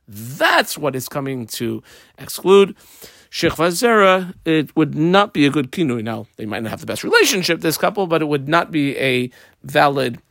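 A man teaching a Talmud class page by page, reading Aramaic terms and explaining them quickly in English. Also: a little high, bright, forceful tone, dry recording, clean studio sound.

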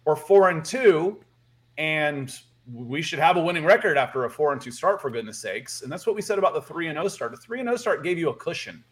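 A man's voice: a little high, sing-song, brisk, a bit bright. Man from Georgia rambling on a podcast. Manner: rambling, repeats words, chuckles. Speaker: podcast co-host. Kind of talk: casual sports talk.

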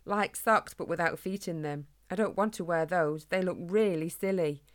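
A woman's voice: on the low side, normal speed, natural voice. A woman voicing an eager, impatient young male hedgehog in a storybook reading, raising her voice to sound childlike.

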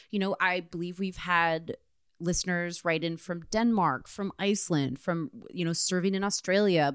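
Podcast co-host, woman, excitable and profane, smooth voice, close dry sound. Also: lowish voice, no room sound. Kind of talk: casual podcast chat.

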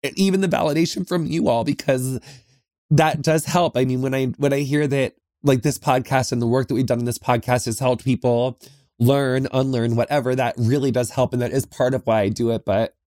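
The podcast host, a man of middle pitch and darkish tone, delivers an earnest, heartfelt solo episode with fairly even intonation. Slowly picking his words, he pauses and restarts often; the small closet he records in keeps the audio close, dry, and echo-free.

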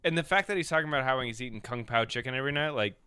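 A man's voice: medium pitch, very fast, bright, forceful tone, smooth, no echo, clean studio sound. A man co-hosting a podcast, jumping in eagerly to clarify and react in casual chat. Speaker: podcast co-host.

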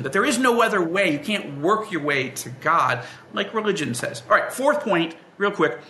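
A man explaining faith in conversational teaching, telling lively stories and acting out the people in them. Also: on the high side, roomy sound, slight background noise. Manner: animated storyteller who acts out the people he quotes. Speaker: guest explaining evangelical beliefs.

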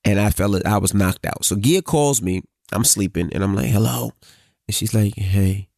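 Low-voiced man telling a lively story. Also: fairly quick, creaky, no room sound, studio quality. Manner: animated storytelling, swearing, hums sound effects. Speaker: podcast co-host. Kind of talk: casual chat.

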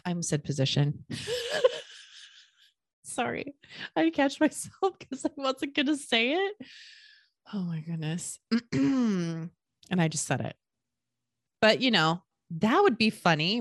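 A woman in her thirties hosting a casual solo podcast, chatty and quick to laugh at herself with lively asides. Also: fairly low pitch, dry recording, clean studio sound. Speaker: podcast host giving dating advice.

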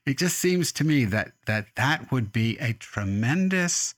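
A man interviewing an author in a calm, thoughtful manner, at times reading quotes aloud. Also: mid-range voice, slow, dry recording. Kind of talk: radio interview.

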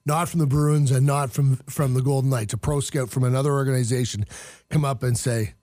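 A man's voice: medium pitch, a little fast, darkish tone, no echo, studio quality. A man hosting a sports panel, asking the analysts questions and passing on stories. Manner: asks questions, relays stories. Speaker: host.

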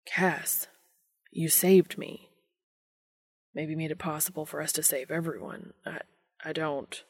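Woman voicing an emotional man, hushed and strained, lower-pitched read, story reading. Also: slow, slightly rough, heavily acted. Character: troubled intense man, emotional, confessing.

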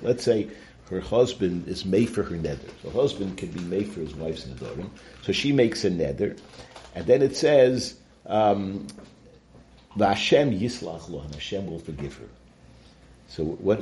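A man gives an informal Torah talk, and his voice sits on the low side. He halts and restarts often and peppers his with Hebrew and Yiddish terms. A faint hiss runs under the recording. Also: animated, moderate pace, a little mellow. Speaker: Torah teacher.

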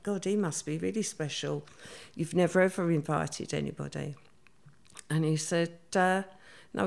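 A woman's voice: deep voice, gravelly, darkish tone. An older woman, a guest recounting her past in a chatty interview, acting out what others said. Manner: chatty, acts out quoted voices. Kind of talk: storytelling interview.

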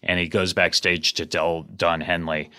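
A man's voice: deep voice, flat delivery, measured pace, sharp tone, smooth. A man co-hosting a podcast in casual chat, telling stories that ramble and trail off. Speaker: podcast co-host.

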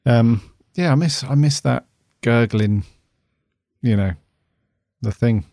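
A man's voice: mid-range voice, takes it slowly, creaky, warm tone, no echo. Guy cohosting a podcast, chatty, lots of ums, dead dry sound. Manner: chatty, upbeat, hesitant with ums. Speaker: podcast co-host. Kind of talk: casual chat.

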